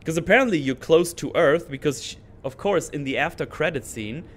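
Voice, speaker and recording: A man's voice: fairly high pitch, brisk. A man hosting his channel, ranting in a casual, sarcastic way with mocking asides. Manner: animated, sarcastic, mocking voices. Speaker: channel host.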